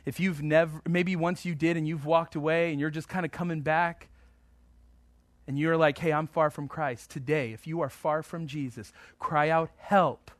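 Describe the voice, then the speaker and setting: Fervent preaching man, fairly high voice. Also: steady tone, normal speed, no echo. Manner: emphatic preaching that swings between hushed and fervent. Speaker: pastor. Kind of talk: sermon.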